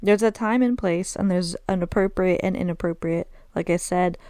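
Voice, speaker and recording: A woman's voice: lowish voice, normal speed, mellow, no room sound. A woman with a Southern American accent talking candidly and self-deprecatingly on her own podcast, slipping in Arabic phrases. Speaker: podcast host. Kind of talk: casual solo podcast storytelling.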